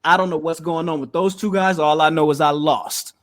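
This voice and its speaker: A man hosting a podcast in casual chat, animated and slangy, laughing often and tossing in "you feel me". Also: fairly high pitch, fairly quick. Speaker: podcast host.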